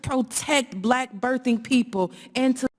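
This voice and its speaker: A female politician delivers an earnest public speech, hammering her points home by repeating them. Her voice sits a little high, and a long reverb trails after it, as in a large echoey hall. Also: measured pace. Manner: earnest, emphatic, repeats key phrases.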